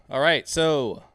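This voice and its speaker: A man's voice: a little high, fairly bright tone, no echo. A man streaming a game live, reading the on-screen text aloud and joking with his chat in a chatty, casual way.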